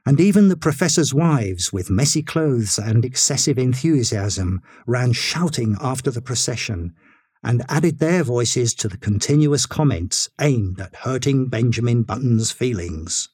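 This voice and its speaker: Slow, expressive male storyteller. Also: medium pitch, slightly rough, no echo, studio quality. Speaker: narrator. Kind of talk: scripted storybook narration.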